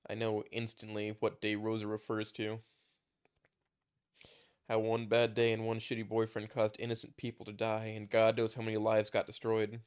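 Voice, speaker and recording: A man's voice: fairly low pitch, monotone, moderate pace, clean tone. A man casually reading a fan story aloud, with small stumbles and restarts as he goes. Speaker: story narrator.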